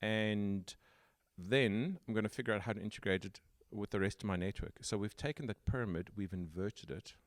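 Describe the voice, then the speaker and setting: A man hosting a relaxed tech podcast, talking in a low register. He explains his ideas step by step in a conversational way. The sound is dry and close. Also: normal speed, no echo. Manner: explanatory, builds points step by step. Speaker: podcast host. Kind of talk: casual tech interview chat.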